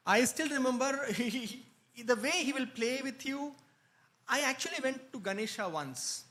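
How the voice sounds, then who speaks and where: Male retreat speaker, high-pitched, animated anecdotal storyteller. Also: moderate pace. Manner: animated storytelling, frequent laughs. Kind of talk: anecdotal talk. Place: hall, live-streamed.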